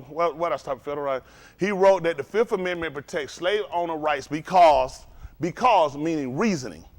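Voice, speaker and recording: A man leads a religious study group in a fiery preacher's style, profane and provocative, hurling rhetorical questions at the room. His voice is fairly high in pitch.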